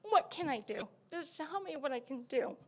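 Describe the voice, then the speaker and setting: A middle-aged mother pleads at a public meeting, her voice high and close to breaking. She talks in an emotional, near-tearful rush, asking for help. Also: lively intonation, moderate pace, a little mellow. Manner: pleading, on the verge of tears. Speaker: parent speaking at public comment.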